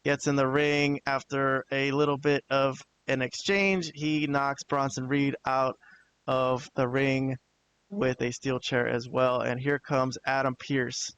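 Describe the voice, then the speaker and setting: A man giving a relaxed, plain-spoken review of a wrestling show on a live stream, now and then swearing casually. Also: mid-range voice, takes it slowly, lo-fi sound, a little hiss or hum.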